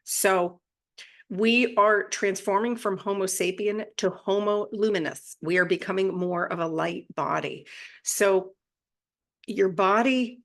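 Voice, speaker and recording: Chatty lady doing a spiritual update, middle pitch, keeps checking in w the viewers. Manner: chatty, often adds tag questions. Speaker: spiritual channel host. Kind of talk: casual spiritual monologue.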